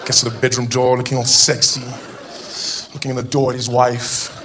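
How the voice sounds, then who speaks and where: A man's voice: mid-range voice, completely flat delivery, a little fast, fairly bright tone, slight background noise. A man from South Africa with a South African accent, performing a stand-up comedy routine and acting out characters in funny voices. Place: comedy stage before a live audience.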